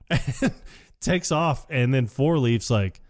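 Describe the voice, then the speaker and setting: A man co-hosting a podcast, chatting casually through a film's plot. He breaks into animated voices to quote characters. His voice sits at an ordinary pitch and sounds dry and close. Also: slow, dry recording. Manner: acts out lines with animated voices. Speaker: podcast co-host. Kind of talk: casual chat recapping a film.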